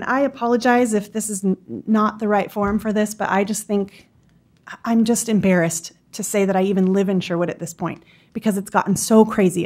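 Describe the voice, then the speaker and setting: Woman, 30s, fairly high voice, frustrated plea at the public podium, earnest and fed up. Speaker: public commenter and council candidate. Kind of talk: public comment at a council meeting. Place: council chamber.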